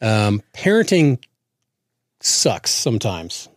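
A man chatting on a podcast about being a dad, joking and drifting from topic to topic. His pitch sits in a middling range but swings around a lot as he talks. The sound is dry and close, with no room around it. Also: sing-song, slow pace, no room sound. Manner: joking, rambling off on tangents. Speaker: podcast co-host; father. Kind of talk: casual chat.

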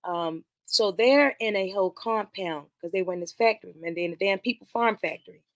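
A woman hosts a podcast, retelling a film scene by scene in a loose, animated way, with plenty of slang and cursing. Her voice sits in an ordinary middle pitch. The recording is close and dry, with no room sound. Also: a little fast, no echo. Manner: animated, slangy storytelling with frequent profanity. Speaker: podcast host reviewing a film. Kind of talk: casual movie commentary.

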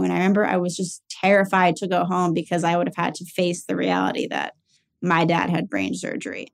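Candid young woman with gravelly low voice. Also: level tone, moderate pace. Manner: candid, casual, many fillers. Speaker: caregiver sharing her story. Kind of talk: personal storytelling.

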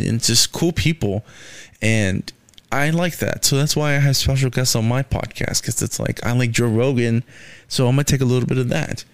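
A young man hosts his own podcast, ranting solo in a casual, rambling style with heavy swearing and fillers like "man" and "you know." His mid-range voice is clear with a resonant tone, and the recording is dry.

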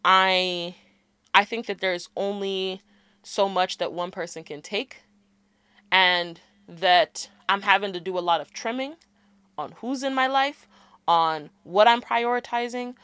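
A woman's voice: medium pitch, unhurried, sharp tone, smooth, no room sound. A woman in her twenties co-hosting a podcast, talking candidly in a casual chat, turning sassy and fiery. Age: 20s. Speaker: podcast co-host.

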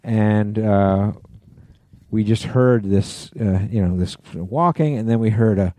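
Mellow-voiced rambling male podcast co-host. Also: fairly low pitch, slow pace, dry recording. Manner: rambling storyteller, lots of you-knows, swearing. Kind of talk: casual chat.

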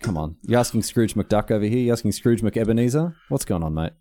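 A man co-hosting a podcast, quick-witted and jokey, reacting with exclamations. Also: on the low side, expressive, mellow, no echo. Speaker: podcast co-host. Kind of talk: casual podcast chat.

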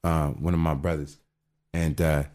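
Middle-aged man, very low voice, earnest restart-heavy faith storytelling on a casual talk show. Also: little pitch movement, normal speed, darkish tone. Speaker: guest telling his testimony.

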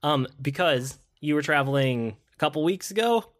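A man hosting a podcast, leading the talk in a relaxed conversational way. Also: fairly high pitch, moderate pace, no echo, clean studio sound. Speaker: podcast host. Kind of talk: casual podcast chat.

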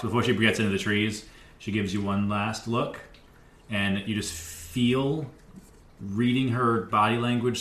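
A man acting as game master, calmly narrating a tabletop scene. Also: lowish voice. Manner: calm, measured scene narration. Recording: echoey room, slight background noise.

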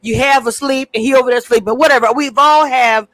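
A woman gives blunt, emphatic opinions in a casual panel discussion. Her voice sits at a middle pitch and sounds close and dry. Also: fairly even intonation, brisk, a bit bright, no echo, low-quality recording. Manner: emphatic, blunt, agreeing often. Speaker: review panelist.

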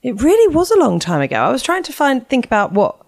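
A woman co-hosts a podcast with teasing, playful warmth of banter and plenty of questions. Her voice sits mid-range but moves lively up and down. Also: high voice, fast, gravelly. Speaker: podcast co-host. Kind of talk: casual chat.

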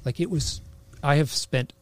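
A man telling a personal story in a casual, halting way, full of restarts, animating the voices he quotes. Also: fairly high pitch, no echo. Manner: animated, acts out quoted lines.

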